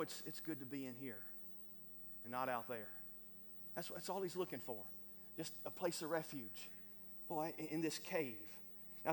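A man preaching a sermon to a congregation, stammering over repeated words and building to loud emphatic peaks. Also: a little high, slight background noise. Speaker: pastor. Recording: long hall reverb.

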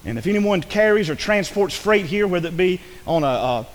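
A man preaching a sermon in church, swinging between loud, emphatic passages and hushed ones. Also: high voice, lively intonation, fairly quick, in a large hall. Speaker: pastor.

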